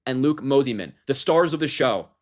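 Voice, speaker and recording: A man with a mid-pitched voice talks fast as he reads quotes aloud. His commentary is indignant and sarcastic, and he hammers the worst lines for effect. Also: expressive. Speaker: political commentator. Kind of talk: reading and commenting on a news story.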